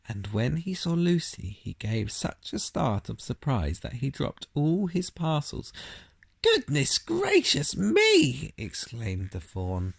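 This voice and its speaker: A man reading a children's book aloud, in unhurried storytelling with occasional slips. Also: mid-range voice, creaky, a little mellow, breathy edge, dry recording. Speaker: reader.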